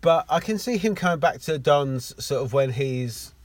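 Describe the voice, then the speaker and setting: A man's voice: a little high, lively intonation, moderate pace, dry recording. A young man from England co-hosting a podcast in casual chat, swearing and restarting his sentences. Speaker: podcast co-host.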